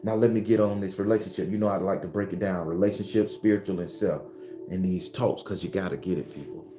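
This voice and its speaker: A man's voice: deep voice, steady tone, fast talker, mellow, roomy sound, soft background music. A man with a Southern accent giving an earthy, emphatic spiritual talk to his followers, repeating his points. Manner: earthy, preachy, repetitive and emphatic. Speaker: spiritual teacher.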